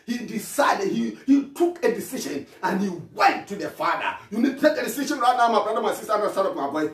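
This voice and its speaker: A man preaching an impassioned sermon, repeating his phrases and shouting calls to repent. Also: high-pitched, big pitch swings, quick pace, hardly any pauses. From Ghana. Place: church hall. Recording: echoey hall from far off.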